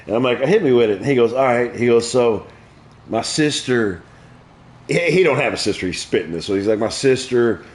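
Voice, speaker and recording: Profane comedian telling stories casually. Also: male voice, mid-range voice, fairly quick. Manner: crude, profane joke-telling. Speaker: comedian and stream host. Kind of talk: casual storytelling chat.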